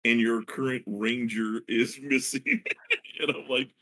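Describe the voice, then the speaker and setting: A man running a tabletop game as game master, talking in halting bursts full of fillers. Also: medium pitch, a bit bright. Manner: hesitant, halting with many fillers.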